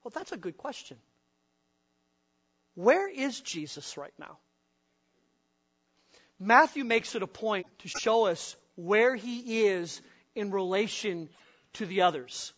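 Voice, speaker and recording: A man from the upper Midwest preaches a sermon with a high, bright voice. He keeps asking the congregation questions and voices the frightened men of the story himself. The recording is dull and lo-fi, with a faint hum underneath. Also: lively intonation, slow, long pauses. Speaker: pastor.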